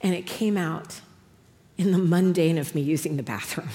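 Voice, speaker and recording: A woman in her thirties preaching a sermon in an animated, conversational way with self-deprecating humor. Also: low voice, moderate pace, reverberant, big-room sound.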